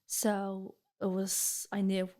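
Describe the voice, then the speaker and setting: Young dublin woman talking through her story on a podcast, kinda flat even voice, lots of "like". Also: medium pitch, takes it slowly. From Ireland. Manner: chatty, retells dialogue, fillers like "like". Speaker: guest. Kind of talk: personal storytelling in a podcast interview.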